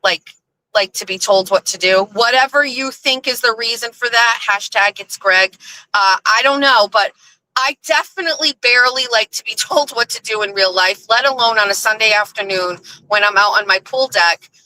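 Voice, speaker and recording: A woman's voice: a little high, normal speed, pushed and bright, dry recording, rough recording. A woman hosting her own show, telling a story in a casual, profane and exasperated rant. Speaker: show host. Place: outdoors, on her pool deck.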